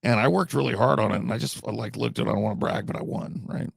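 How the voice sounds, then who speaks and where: A man's voice: medium pitch, fast talker, creaky, husky, dry recording, clean studio sound. A man telling a rambling comic story in a casual, profane, conversational way. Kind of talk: comedic storytelling.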